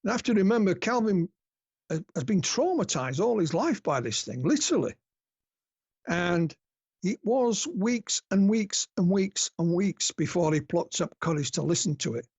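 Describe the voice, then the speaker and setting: A man with a northern English accent tells his stories in a chatty, easygoing way, often chuckling at his own anecdotes. His voice is fairly high and husky. The sound is dry and dull, like lo-fi remote call audio. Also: sing-song, moderate pace, a little mellow, dry recording. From north of England. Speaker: guest researcher. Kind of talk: casual podcast interview.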